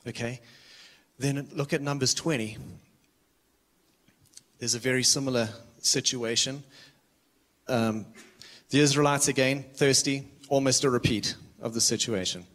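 Brief: male visiting preacher, mid-pitched, urgent and earnest, casual asides. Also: fairly even intonation, measured pace, pauses often, a bit bright. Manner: earnest and urgent, with self-deprecating asides and frequent restarts. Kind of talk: sermon.

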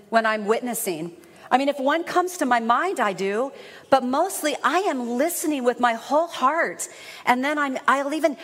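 High-voiced woman preaching in a reverberant hall. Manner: earnest storytelling, rising to shouting praise. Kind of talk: sermon with personal story. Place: church sanctuary.

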